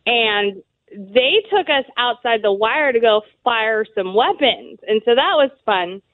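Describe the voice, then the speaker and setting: A fairly high-voiced woman chats through stories, laughing often and leaning on fillers. Her voice comes over a thin, phone-like line that cuts the lows and highs. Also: expressive, unhurried. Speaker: guest, Army veteran. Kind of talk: casual interview storytelling.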